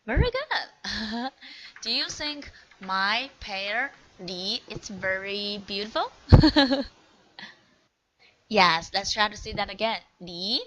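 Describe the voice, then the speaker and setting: A woman whose first language is Chinese, teaching an online one-on-one lesson in English, slow and encouraging, praising often and modelling each word clearly. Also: mid-range voice, animated, fairly bright tone, rough recording. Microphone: video call.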